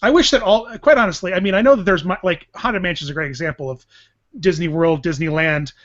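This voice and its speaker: A man's voice: sits high, fast talker, a bit bright. A man co-hosting a podcast, chatting casually and animatedly, swearing now and then. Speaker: podcast co-host. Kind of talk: casual chat. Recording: dull lo-fi podcast audio.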